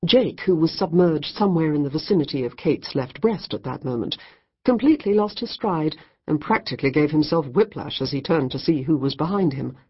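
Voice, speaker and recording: A woman narrating a comic novel in a wry, measured storytelling manner. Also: low-pitched, lively intonation, breathy edge, highs cut off. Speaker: audiobook narrator. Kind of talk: scripted narration.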